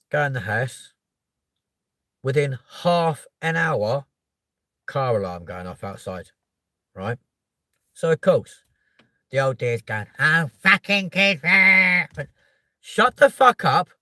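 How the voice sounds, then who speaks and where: Animated London man telling a story. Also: lowish voice, no echo, studio quality. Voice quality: swears freely, tags lines with "right?" and "yeah?". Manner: animated, voice jumps up when quoting himself. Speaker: podcast host. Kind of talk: casual storytelling.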